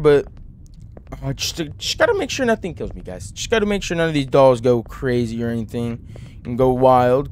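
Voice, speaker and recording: A young man commenting on a horror game, talking to viewers and yelping when startled. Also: medium pitch. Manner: jumpy, talks to viewers, yelps when startled. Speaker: gaming channel host.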